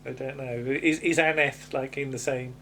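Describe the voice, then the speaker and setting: A man's voice: medium pitch, fairly even intonation, normal speed, a bit bright, slight background noise. Rambling, musing man co-hosting a podcast. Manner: musing, rambling, many fillers and restarts. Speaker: podcast co-host. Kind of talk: casual discussion of an old TV episode.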